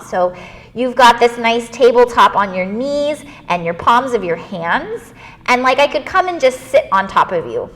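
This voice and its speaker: A woman leading a children's yoga class, gentle and playful, encouraging the kids and making animal noises. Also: fairly high pitch, in a large hall.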